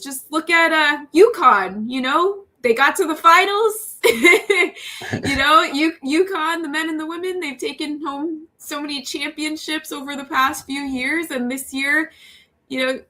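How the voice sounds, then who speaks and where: A woman's voice: sits high, bright, forceful tone. A young woman, a TV news reporter, talking earnestly as a podcast guest, chatty, with frequent laughs and fillers. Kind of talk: casual interview talk.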